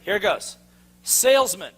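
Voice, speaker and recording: A man's voice: high voice, lively intonation, unhurried, a bit bright, breathy edge. A man giving a sales seminar to a live audience, quizzing them with fill-in-the-blank questions. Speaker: sales trainer. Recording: long hall reverb.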